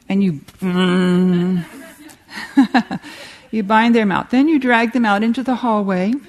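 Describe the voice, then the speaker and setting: An older American woman giving a warm, humorous talk on creativity, telling stories and reading slowly from a book. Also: medium pitch. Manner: warm, humorous storytelling with slow reading passages. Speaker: meditation teacher giving a talk.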